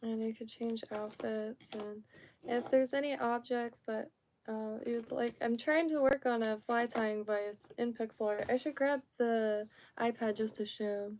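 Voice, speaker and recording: Slow, soft-spoken woman streamer, mellow voice. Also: a little high, fairly even intonation, slight background noise. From Florida. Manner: rambling, soft-spoken, trails off and restarts. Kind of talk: casual live-stream chat.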